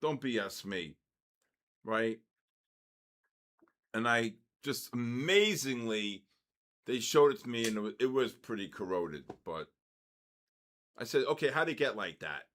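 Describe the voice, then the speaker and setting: A man's voice: mid-range voice, lively intonation, a little slow, long pauses, fairly bright tone. A man hosting a live trading session, rambling into ranting asides between market calls. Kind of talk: casual live trading commentary.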